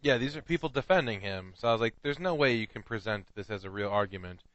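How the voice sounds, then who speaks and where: A man's voice: on the low side, animated, fast, fairly bright tone, a little hiss or hum. A man hosting a comedy podcast, directing the show and prompting his co-hosts to read items aloud. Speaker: podcast host. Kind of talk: casual comedic chat. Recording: dull, dry lo-fi mic.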